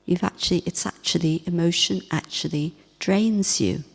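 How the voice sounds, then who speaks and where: A woman giving a spiritual class talk, speaking in a gentle, reflective way with soft emphasis. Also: on the low side, normal speed, vocal fry, slightly rough. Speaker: spiritual teacher. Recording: long hall reverb.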